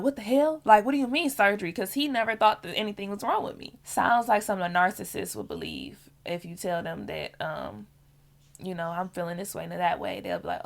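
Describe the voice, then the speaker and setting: A young adult woman telling a personal story on her vlog, candid and animated, in casual slang. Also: on the low side, gravelly. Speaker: vlogger.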